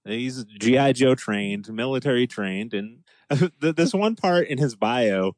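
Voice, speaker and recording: A man in his forties from New England, co-hosting a casual chat, talking in an animated way with frequent laughs. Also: medium pitch, no echo. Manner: animated, laughing, does quick impressions. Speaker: podcast co-host.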